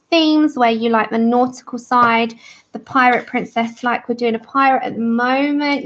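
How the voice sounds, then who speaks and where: A woman's voice: fairly high pitch, muffled recording. A woman hosting a colouring livestream, chatting enthusiastically and greeting viewers by name. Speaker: livestream host of a colouring channel. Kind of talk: casual livestream chat with viewers.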